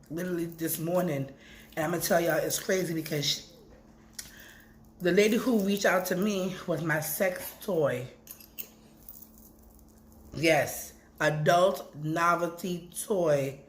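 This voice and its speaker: A woman vlogger talking casually and emotionally, rambling, repeating words and swinging between soft and loud. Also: sits low, a little hiss or hum. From Brooklyn. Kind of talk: casual emotional vlog talk.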